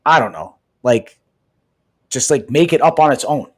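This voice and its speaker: A man's voice: medium pitch, normal speed. A man co-hosting a podcast in casual chat, talking emphatically with lots of swearing and often asking "right?" for agreement. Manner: animated, profane, emphatic, keeps asking "right?". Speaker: podcast co-host.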